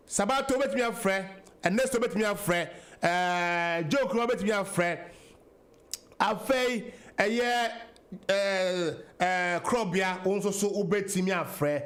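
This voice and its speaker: A man's voice: sits high, unhurried, fairly bright tone. A Ghanaian man hosting a political talk radio show, giving an emphatic monologue that mixes English and Twi.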